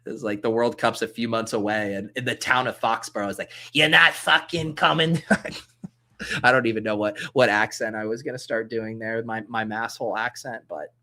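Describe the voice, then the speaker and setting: A man's voice: lowish voice, flat delivery, brisk, few pauses, pushed and bright. A man hosting a casual livestream, thinking aloud as he drafts and answering chat comments in a loose, joking way. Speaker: livestream host drafting fantasy football.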